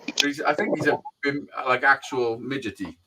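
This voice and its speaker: A man's voice: medium pitch, moderate pace, crowd noise. A man hosting a live stream, telling stories in casual, swearing banter over a video call. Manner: swearing, animated storytelling.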